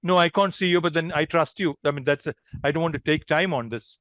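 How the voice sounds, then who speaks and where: A man's voice: fairly high pitch, quick pace, a bit bright, no echo, studio quality. A man leading an online public speaking workshop, demonstrative and addressing the group as friends.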